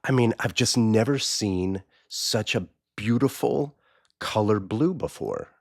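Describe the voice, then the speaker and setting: A stubborn male donkey, cheerful and sure of himself, gushing and insisting in a deep, low voice, as a man puts him on while telling a story. The sound is dry and close. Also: takes it slowly, gravelly, a little mellow, dry recording, exaggerated voice.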